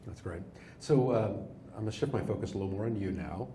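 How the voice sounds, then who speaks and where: A male host with a very deep, mellow voice asks measured, prompting questions. The room is echoey and carries a faint background hiss. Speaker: interviewer, host. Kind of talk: on-stage interview questions.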